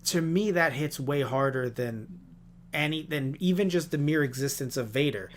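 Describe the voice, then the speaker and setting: A man hosting a podcast, chatting casually about a show, animated and swearing, sometimes arguing with himself for a laugh. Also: fairly high pitch, moderate pace, slight background noise. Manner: animated, swearing, mock-argues with himself in bits. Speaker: podcast host. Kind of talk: casual review chat.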